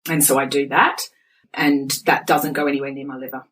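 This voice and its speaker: A woman in her forties, a podcast guest speaking frankly and telling stories in an animated way. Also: very deep voice, brisk, low-quality recording. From Australia. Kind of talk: candid podcast conversation.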